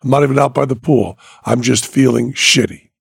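A man's voice: mid-range voice, a little fast, creaky, slightly rough, no echo, clean studio sound. A man hosting a podcast, telling a story casually and animatedly, swearing and acting out the people in it. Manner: animated, profane, acts out quoted voices. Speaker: podcast host.

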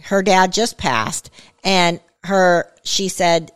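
A woman's voice: lowish voice, slow, clean tone. A woman co-hosting a podcast in casual chat, talking in a chatty way with many fillers and asides. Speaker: podcast co-host.

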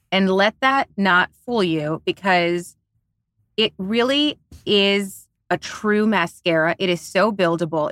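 A married woman co-hosting a beauty podcast, telling stories and raving about products in an animated, playful way. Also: medium pitch, dry recording, clean studio sound. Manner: animated storyteller, playful and teasing. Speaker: podcast co-host. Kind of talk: casual beauty podcast chat.

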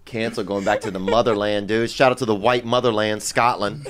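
A man's voice: fairly low pitch, fairly even intonation, brisk, very noisy. A man co-hosting a comedy podcast, joking around in loose casual banter and saying dude and bro a lot. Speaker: podcast co-host.

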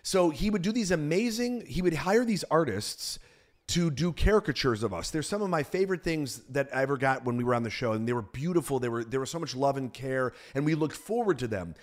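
Animated, teasing male podcast host. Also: a little high, fairly quick. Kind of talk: casual chat.

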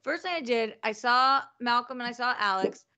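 A woman hosting a live talk show, chatting casually in an animated, self-mocking way. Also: a little high, moderate pace, rough recording. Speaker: show host. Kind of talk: casual chat.

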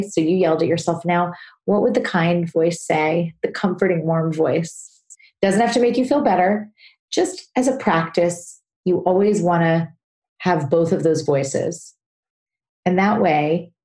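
A woman answers listener questions on her parenting podcast. Her voice sits fairly low and mellow, and she sounds earnest, acting out little examples along the way. The recording has a noticeably roomy echo. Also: animated, a little slow. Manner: warm, earnest, explains with acted examples. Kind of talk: solo advice talk.

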